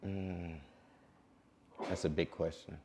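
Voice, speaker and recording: Man, late twenties, very low voice, calm laid-back DJ guest. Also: slow pace, background noise. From Detroit. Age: late 20s. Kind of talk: casual interview.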